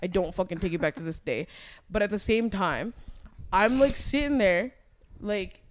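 A woman's voice: mid-range voice, normal speed. A woman co-hosting a podcast in casual chat, telling a story with lots of swearing and acting out the lines she quotes. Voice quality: profane, emphatic storyteller. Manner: animated, acts out quoted lines in her retelling. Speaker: podcast co-host.

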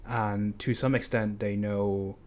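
Low-voiced man, hesitant and rambling. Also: little pitch movement, slow pace, darkish tone. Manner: hesitant, rambling with many fillers. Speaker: book discussion participant. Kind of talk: casual discussion.

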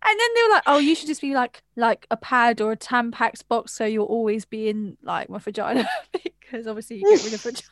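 A woman co-hosting a casual chat podcast from England, an animated storyteller who swears and laughs a lot. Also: a little high, fairly quick, few pauses, dry recording, studio quality. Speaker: podcast co-host.

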